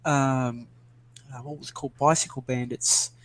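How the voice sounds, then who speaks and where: A man's voice: medium pitch, fairly even intonation, normal speed, a bit bright. An older Australian man chatting casually, rambling and self-deprecating with many restarts. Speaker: interviewee. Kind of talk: casual video call chat.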